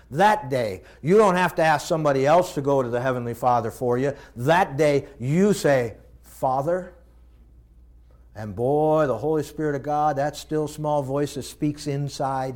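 A man preaching a sermon with strong emotion, swinging from loud exclamations to hushed, tender passages. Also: medium pitch.

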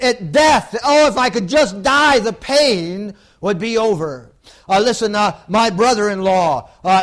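Fervent high-voiced male preacher. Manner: fervent, swings from loud outbursts to low hushed warnings. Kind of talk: sermon.

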